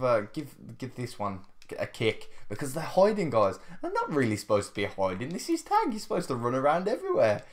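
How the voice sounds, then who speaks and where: A man giving casual gameplay commentary, chatting to his viewers, tired and yawning. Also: medium pitch. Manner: chatty, keeps addressing viewers, laughs often. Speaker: gaming video host.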